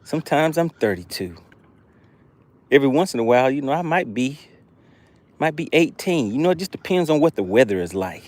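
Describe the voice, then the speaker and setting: A man at a middling pitch hosts a fishing live stream from his boat out on the water. He talks in a loose, chatty way, calling out viewers by name and thanking them as he goes. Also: big pitch swings, brisk, long pauses, darkish tone.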